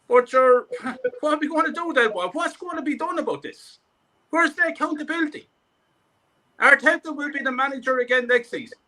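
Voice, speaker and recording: Furious sweary man, high and bright. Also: lively intonation, normal speed. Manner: furious, sweary, repetitive ranting. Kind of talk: angry football rant.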